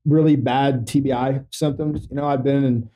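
Middle-aged vet guy on a podcast, warm low-key voice, cracks dry jokes, lots of uhs and ums. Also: steady tone, dull audio. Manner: wry, joking matter-of-factly about grave events; loose, halting with many fillers. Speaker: military veteran guest. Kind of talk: casual storytelling in a podcast interview. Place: podcast studio.

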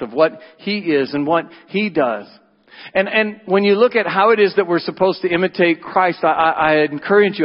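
A male pastor giving an Easter sermon, emphatic, swinging between loud, high rises and quiet, low drops. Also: in a large hall, muffled recording. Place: church sanctuary.

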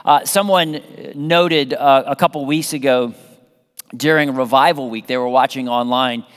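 A pastor from the American South preaching a sermon in an animated, conversational way, often repeating phrases and restarting sentences. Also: male voice, mid-range voice, a little slow, clear, resonant tone. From Southern United States. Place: church sanctuary. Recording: long reverb of a church hall.

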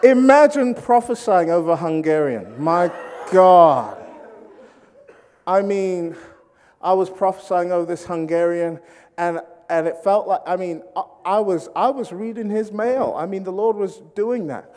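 A man from Britain preaching a sermon, telling comic stories and acting out loud congregations. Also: sits high, lively intonation, unhurried. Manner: comic storytelling, mimics congregations with shouts. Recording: reverberant hall.

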